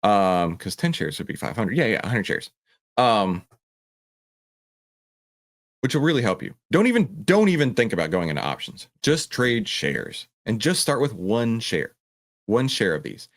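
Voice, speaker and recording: A man's voice: lowish voice, normal speed. A man hosting a livestream Q&A, talking with passion and acting out voices of other people. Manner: passionate, animated, mimics a panicking trader. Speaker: host answering viewer questions. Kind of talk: livestream Q&A on stock trading.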